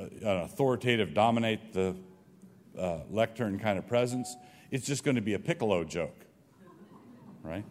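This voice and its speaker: A man leading a workshop for teachers and taking questions, talking in a halting way with frequent restarts. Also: medium pitch, darkish tone, a little hiss or hum. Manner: halting, restarts, thinks aloud. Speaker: teacher trainer. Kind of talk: workshop talk with Q&A. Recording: long reverb of a hall.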